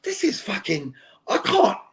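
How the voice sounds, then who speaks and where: A man's voice: sits high, huge pitch swings, a little slow, fairly bright tone. A man speaking as a fan guest on a podcast, ranting angrily and swearing in heated chat. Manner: angry, swearing rant. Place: home.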